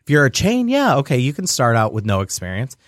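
A man's voice: medium pitch, fast talker, dry recording, clean studio sound. A man who owns a restaurant, chatting casually on a radio show, acting out voices and laughing often. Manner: animated storyteller, acts out voices, laughs often. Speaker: restaurant owner.

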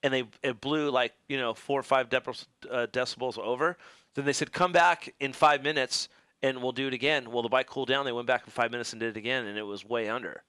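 A man talks quickly in a bright, forceful voice, telling animated stories on a casual podcast and acting out what other people said. The sound is dry and close, with no room in it. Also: mid-range voice, clear, resonant tone, no room sound. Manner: animated storytelling, acts out quotes. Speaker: podcast co-host. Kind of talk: casual chat about motocross racing.

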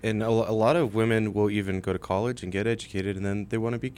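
A man's voice: fairly low pitch, steady tone, quick pace, darkish tone, clean tone. A young man co-hosting a radio show, rambling in casual chat and laughing often.

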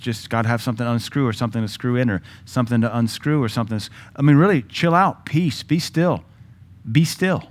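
A male pastor with a Southern American accent preaching a sermon, animated and conversational, with sudden loud commands and mock voices. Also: medium pitch.

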